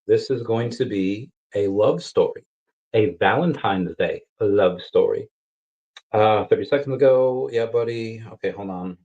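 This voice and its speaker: A man's voice: fairly low pitch, unhurried, dark tone, muffled recording. A man hosting a casual vlog, telling a rambling, crude story with goofy asides. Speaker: vlogger.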